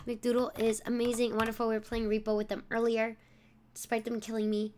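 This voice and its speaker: Excitable high-voiced woman streamer. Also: brisk, a little hiss or hum. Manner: excitable, exclaiming, laughing often. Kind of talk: live-stream chat, thanking viewers.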